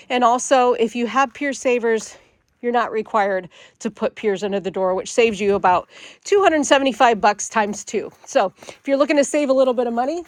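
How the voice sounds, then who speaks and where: Upbeat woman walking viewers through a home, casual and a touch stuffy from a cold. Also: a little high. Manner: upbeat, chatty, enthusiastic. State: slightly congested from a cold. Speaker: manufactured home salesperson and channel host. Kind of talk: casual home tour vlog.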